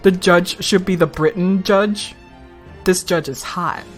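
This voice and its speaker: A woman streamer giving casual commentary on a game, swearing often, laughing a lot and reacting loudly to what happens on screen. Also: on the low side, fairly even intonation, slow pace, faint music behind.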